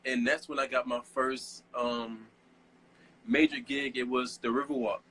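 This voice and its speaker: A young man being interviewed as a guest model, telling stories in a casual, animated way and laughing often. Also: medium pitch, measured pace, rough recording. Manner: giddy, laughing, animated storytelling.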